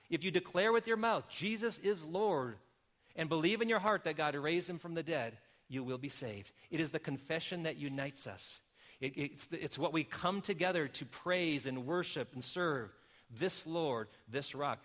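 A middle-aged man preaching a sermon, explaining calmly and then rising to loud, emphatic calls. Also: on the high side. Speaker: pastor.

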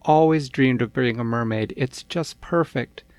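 A man's voice: mid-range voice, a little slow, a little mellow, no room sound, lightly acted. A man voicing a cheerful little girl who is a mermaid, speaking sweetly and sincerely.

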